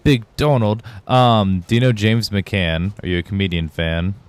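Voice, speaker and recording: A young man chats with his viewers while playing a game live. His voice sits low and comes through clear and smooth. He rambles, swears easily and drifts between topics. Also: steady tone, moderate pace, dry recording. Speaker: live streamer. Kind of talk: casual gaming livestream chat.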